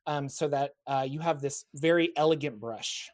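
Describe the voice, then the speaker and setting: A man's voice: fairly high pitch, fairly quick, a little mellow. A man running a tabletop game as dungeon master, explaining rules at an easy pace with many ums and uhs.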